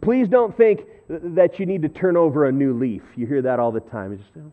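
Pastor preaching in thin phone-like audio. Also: male voice, fairly high pitch, normal speed. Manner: conversational storytelling, self-deprecating; animated, shifting between loud and hushed. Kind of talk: sermon.

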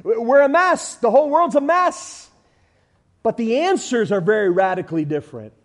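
A man preaching a sermon with emphatic delivery, swinging from loud declarations to hushed lines, with everyday illustrations and humor. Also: very high-pitched, animated, normal speed.

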